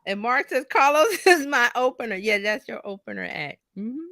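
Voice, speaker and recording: A middle-aged woman co-hosting a casual business chat, animated and jumping high in pitch when she quotes herself. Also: moderate pace, no room sound, studio quality. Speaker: co-host, business coach. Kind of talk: casual live-stream chat.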